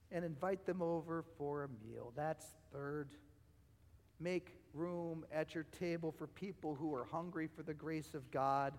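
A male pastor preaching a sermon, using repetition and swinging between loud and quiet phrases, his voice going hoarse. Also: a little high, big-room sound. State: losing his voice. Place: church sanctuary.

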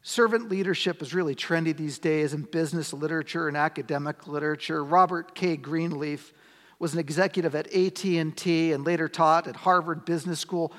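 A man's voice: on the high side, steady tone, fairly quick, fairly bright tone. A man preaching a sermon as a pastor, conversational, asking the congregation rhetorical questions. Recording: long hall reverb.

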